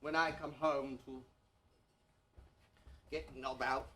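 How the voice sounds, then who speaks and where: A man's voice: mid-range voice, flat delivery, slow pace, pushed and bright, a little hiss or hum. A man playing a hungover, foul-mouthed posh older king in a comedic audio play, with a plummy, blustering way of talking.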